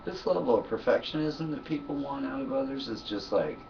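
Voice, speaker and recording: A man's voice: medium pitch, brisk, recorded from a distance, lo-fi sound, a little hiss or hum. A man talking to his camera in a loose, profane monologue, sleepy and yawning, laughing often between thoughts. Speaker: vlogger. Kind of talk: casual rambling monologue.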